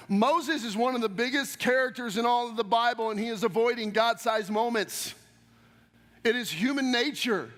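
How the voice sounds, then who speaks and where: High-voiced pastor preaching in a reverberant hall. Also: male voice, lively intonation, normal speed, fairly bright tone. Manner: conversational preaching with asides and rhetorical questions. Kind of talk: sermon. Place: church sanctuary. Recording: long reverb of a church hall.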